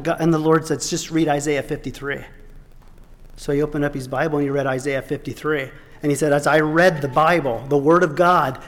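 A middle-aged man preaching a sermon, telling stories with emphatic peaks and soft asides. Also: fairly high pitch, a little hiss or hum. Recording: long hall reverb.

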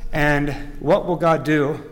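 Male preacher, earnest, reflective sermon, somewhat high voice, long hall echo. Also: fairly even intonation, slow pace. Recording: echoey hall.

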